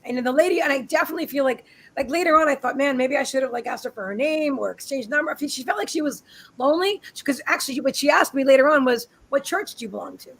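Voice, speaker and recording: High-voiced chatty woman telling a story. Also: fast talker, a bit bright, low-quality recording. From United States. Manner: chatty storyteller, rambling with restarts and asides. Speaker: co-host of a live psychic reading show. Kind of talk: casual live-stream chat. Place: home. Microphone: webcam on a live video stream.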